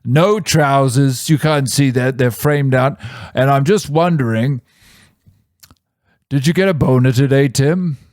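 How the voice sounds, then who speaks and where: A man doing a loud, pompous inspector. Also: medium pitch, unhurried, dry recording, clean studio sound, natural voice. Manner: loud, self-assured, pompous. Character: loud brash male inspector with clipboard. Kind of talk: comedic podcast character bit.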